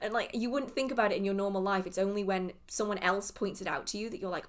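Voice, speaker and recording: Young woman, southern English accent, livestream Q&A host, chatty, rambling, mid-pitched voice. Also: quick pace, hardly any pauses. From England. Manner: chatty, rambling, goes off on tangents. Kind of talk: casual livestream chat answering viewer questions.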